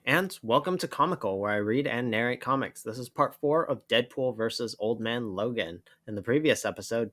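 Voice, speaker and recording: A man narrating a comic book story with a steady, even reading. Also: fairly low pitch.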